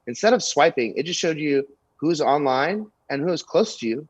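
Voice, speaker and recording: Crude, animated comedian telling a story. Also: male voice, fairly high pitch, normal speed, husky, no echo, dull audio. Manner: animated, crude anecdote telling with many fillers. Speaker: comedian guest. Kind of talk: storytelling on a podcast.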